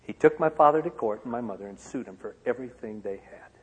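Husky man telling his story. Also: mid-range voice, animated, quick pace. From Michigan, USA. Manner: dramatic swings from loud to hushed. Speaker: speaker. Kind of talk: personal testimony speech. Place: large auditorium. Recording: long hall reverb.

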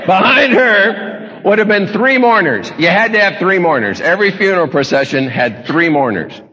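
A high, bright-voiced male preacher who tells stories with folksy jokes and chuckling asides. The sound is dull and lo-fi, caught in a large hall with a long reverb. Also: animated, moderate pace. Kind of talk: humorous sermon storytelling.

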